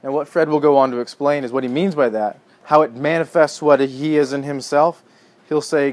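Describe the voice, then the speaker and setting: A man's voice: fairly high pitch, normal speed. Earnest man teaching theology. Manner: earnest, animated, swings from emphatic to hushed. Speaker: pastor or Bible teacher. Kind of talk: conversational teaching talk.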